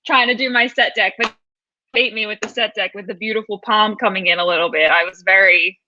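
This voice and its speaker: A woman's voice: medium pitch, steady tone, a little fast, noisy background. A young Australian woman chatting as a guest on a video call interview, telling a rambling story. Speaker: guest actor. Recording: dull lo-fi video call audio.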